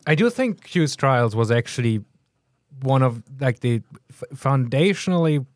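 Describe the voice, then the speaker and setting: A man's voice: mid-range voice, lively intonation, unhurried, no room sound. Earnest podcast guy, restarts his sentences a lot, dead dry sound. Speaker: podcast co-host. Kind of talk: casual debate chat.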